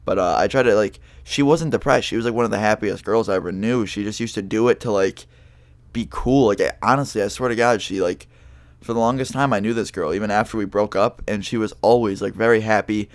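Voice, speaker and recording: A young man tells a personal story straight to camera. He rambles loosely, with fillers and swearing. His voice sits low and the sound is close and dry, with no room behind it. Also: fairly quick, no room sound. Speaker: vlogger telling a story. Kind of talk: casual storytime monologue.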